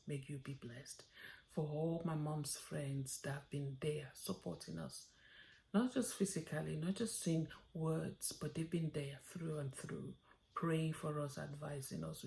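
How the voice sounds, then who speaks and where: A woman with a notably low voice delivers an earnest memorial tribute. Her speech is heartfelt and at times sinks to a near whisper. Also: gravelly, darkish tone. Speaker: daughter giving a tribute.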